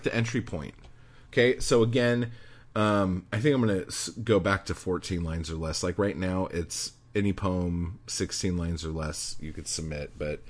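A middle-aged man hosting a podcast, delivering an angry, profane rant that swings from low muttering to shouting. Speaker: podcast host. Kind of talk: profane ranting monologue.

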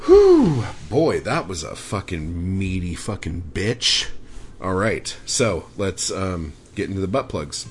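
Low, slow-talking profane man. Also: expressive. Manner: profane, rambling, frequent "like" fillers. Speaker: podcast host. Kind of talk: casual solo podcast rant.

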